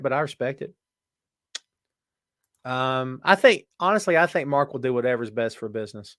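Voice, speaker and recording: A man's voice: medium pitch, normal speed, long pauses, a bit bright, no echo. Chatty male wrestling-show host, dry sound. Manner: chatty, reads viewer comments aloud, jokes. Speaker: podcast host. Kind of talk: casual live-stream chat.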